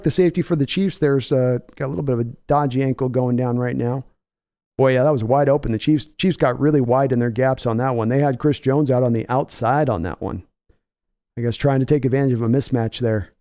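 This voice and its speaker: Brief: rambling male stream host, warm-toned, casual play-by-play. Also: medium pitch. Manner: rambling, filler-heavy. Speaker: podcast host. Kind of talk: casual live chat with play-by-play.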